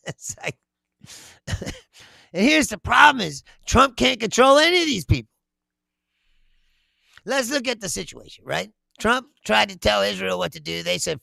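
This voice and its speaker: A man's voice: sits high, sing-song, moderate pace, creaky, pauses often, pushed and bright, no room sound. A man hosting a political commentary show, talking bluntly with lots of swearing and frequent laughter. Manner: laughs often, blunt and profane. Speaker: host.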